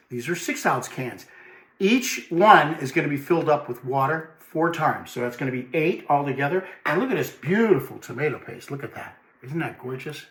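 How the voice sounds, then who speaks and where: A chatty man, hosting a cooking demonstration in his home kitchen with lively exclamations. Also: fairly high pitch, reverberant. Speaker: cooking show host.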